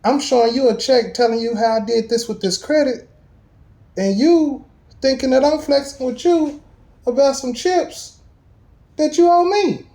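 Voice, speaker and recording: A man in casual chat, telling a personal story with animated emphasis and street slang. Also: very high-pitched, measured pace.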